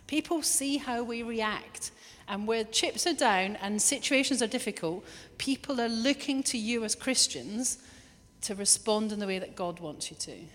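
A woman preaching a lively sermon, now and then acting out little quoted voices. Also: a little high, measured pace. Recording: long hall reverb.

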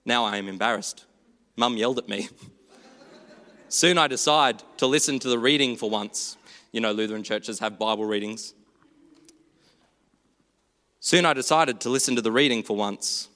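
A man preaching a sermon in a church, earnest and storytelling, moving between hushed and animated delivery. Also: mid-range voice, normal speed, long pauses, in a large hall.

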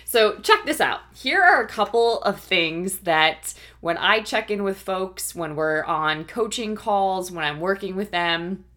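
A woman with a slightly low voice gives a faith-based coaching talk. She sounds conversational and encouraging and keeps checking in with her listeners as she teaches. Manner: warm, encouraging, laughs now and then.

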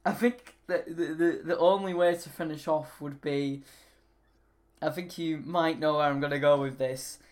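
A man's voice: on the high side, fairly even intonation, moderate pace. A man co-hosting a casual chat, giggling often and rambling, trailing off mid-sentence and restarting his thoughts.

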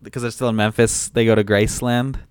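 A man's voice: on the low side, flat delivery, fast, smooth, no room sound, studio quality. A man co-hosting a podcast, casually recapping a film, laughing easily and trailing off with ums. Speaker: podcast co-host.

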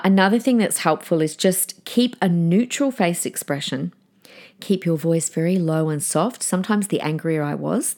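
A middle-aged woman talks through parenting tips on her podcast, her voice sitting fairly low. She is earnest and direct, and slips into a calm, firm tone when she acts out what she tells her kids. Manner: warm, earnest, gives numbered tips and acts out calm firm lines to children. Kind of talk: solo podcast advice talk.

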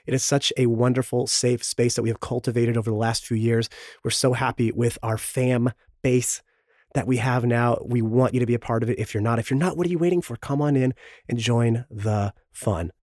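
A man with a sore, strained throat hosts a podcast and reads through the promo segment. His mid-pitched voice sounds dry and close, and he drops in joking, self-pitying asides about being ill. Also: fairly even intonation, a little fast, a little mellow, no echo. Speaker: podcast host. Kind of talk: sponsor-style promo read.

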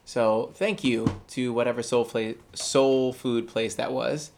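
A man's voice: medium pitch, steady tone, slow, gravelly, a little mellow, a little hiss or hum. A man co-hosting a casual chat, opinionated and rambling with lots of restarts. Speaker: podcast co-host.

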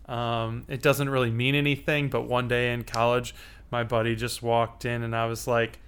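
Guest, man from Chicago, smooth voice with some gravel, laid-back storytelling. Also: mid-range voice, flat delivery, moderate pace, a bit bright. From Chicago, USA. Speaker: interviewee. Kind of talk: casual storytelling.

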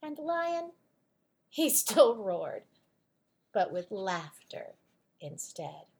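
A woman reading a rhyming children's picture book aloud with an expressive, sing-song delivery. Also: medium pitch, drawn-out words, vocal fry, husky. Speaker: storyteller. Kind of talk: children's storybook read-aloud.

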